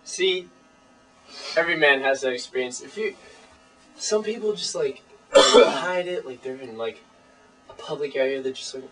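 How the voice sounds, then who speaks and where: A teenage boy co-hosting a comedy web show, talking with deadpan, matter-of-fact macho bluster. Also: medium pitch, moderate pace, pauses often. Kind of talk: mock-serious comedy sketch. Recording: distant camera mic with mains hum.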